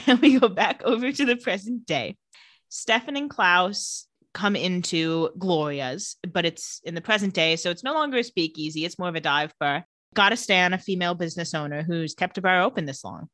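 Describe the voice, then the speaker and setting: Her voice is lowish and the sound clean, studio-grade, without echo. As a young adult podcast co-host, she recaps a TV episode in easygoing chat, throwing herself into the characters' lines with quick, animated voices.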